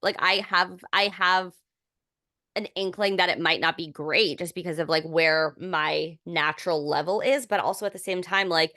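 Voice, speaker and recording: A young woman co-hosts a podcast in relaxed, rambling chat. She fills her talk with fillers and restarts, and her voice sits fairly low. The sound is close and dry. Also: normal speed, no echo. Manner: chatty, filler-heavy, many restarts, animated when amused. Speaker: podcast co-host. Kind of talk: casual chat.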